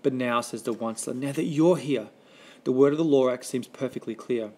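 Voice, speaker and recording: A man reading a rhyming children's story aloud with a lively, rhythmic delivery. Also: mid-range voice, a little fast.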